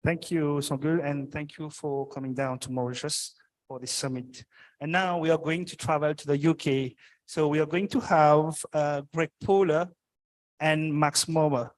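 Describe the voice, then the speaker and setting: A man moderating a conference panel on stage, pausing often with ums and uhs. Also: on the high side, steady tone, rough recording. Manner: halting, frequent ums and uhs.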